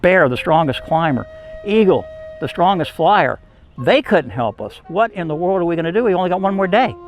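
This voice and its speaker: A man's voice: high voice, sing-song, normal speed, soft background music, voice pushed up. A man doing fretful, pleading villagers. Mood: worried. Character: anxious crowd of villagers.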